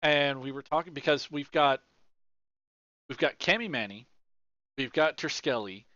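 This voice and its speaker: A man's voice: mid-range voice, animated, moderate pace, bright, forceful tone, no echo. A man co-hosting a podcast, talking loosely with lots of fillers. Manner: loose, rambling, with frequent "uh" fillers. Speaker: podcast co-host. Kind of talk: casual chat. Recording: dull lo-fi dry sound.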